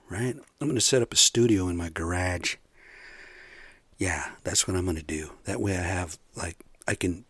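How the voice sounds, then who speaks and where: A man's voice: low voice, no echo. A man hosting a solo podcast, ranting in a profane, rambling, heated way from his bedroom. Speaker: podcast host.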